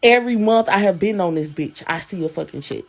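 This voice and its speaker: A woman's voice: mid-range voice, lively intonation, fairly quick. A young adult woman on a livestream, ranting in a heated, profane, repetitive way and answering her chat. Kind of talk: angry live-stream rant.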